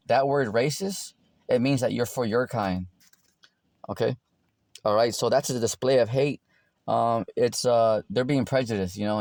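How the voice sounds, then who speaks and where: A man's voice: mid-range voice, darkish tone, no echo, studio quality. Profane, rambling preacher man. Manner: loose and profane, acts out voices of others, many fillers. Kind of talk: casual street-style Bible teaching.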